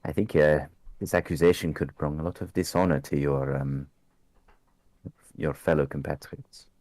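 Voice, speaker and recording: A man's voice: extremely low pitch, fairly even intonation, moderate pace, darkish tone, no room sound. A man voicing a sly male investigator who presses with probing questions in a tabletop game. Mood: accusing.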